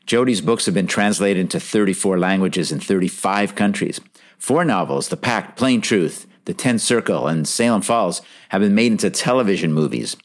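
A man hosting a podcast, reading an earnest, enthusiastic scripted introduction. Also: lowish voice. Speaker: podcast host.

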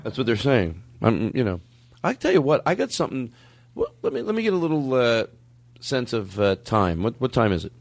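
A man's voice: mid-range voice, very animated, fairly quick. A man co-hosting a podcast in casual banter, joking and rambling, swearing often. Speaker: podcast co-host.

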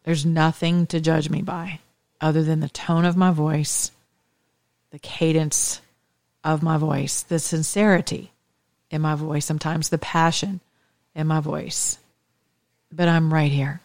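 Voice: medium pitch, level tone, moderate pace, vocal fry, long pauses, darkish tone, dry recording, faint music behind. Emphatic, preachy talk radio host, dry studio. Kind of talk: opinion monologue. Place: Atlanta area. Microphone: close studio mic.

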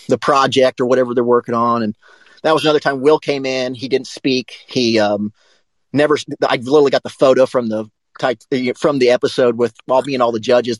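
A man co-hosting a live sports talk show, telling a rambling, profane story in a casual, animated way. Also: mid-range voice, no echo, rough recording.

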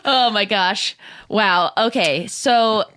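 A woman's voice: medium pitch, very slow, a bit bright. A woman co-hosting a comedic podcast, bubbly, giggly and enthusiastic. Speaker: podcast co-host.

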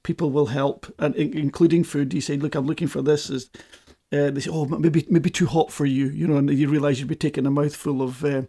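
A man in his fifties or older with a slightly high voice chats casually as a podcast co-host. He hesitates and restarts his sentences often, speaking in an easygoing way. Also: fairly even intonation, brisk, warm tone, husky. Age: 50s or older. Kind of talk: casual chat.

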